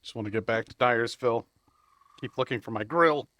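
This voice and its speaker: A man streaming a video game live, chatting casually and rambling as he plays, swearing freely and laughing loudly at chat. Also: medium pitch, brisk, no room sound. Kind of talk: live gameplay commentary.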